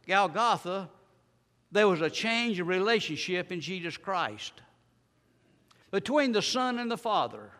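A man preaches a sermon, pushing certain words out loud and letting others drop almost to a hush. His voice sits a little higher than most men's, and a long reverb trails after each phrase. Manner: dramatic swings between loud and soft, repeated rhetorical questions.

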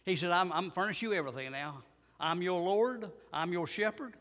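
A man's voice: high voice, moderate pace, a bit bright, in a large hall. An older man preaching a sermon, telling folksy stories and rising to emphatic bursts.

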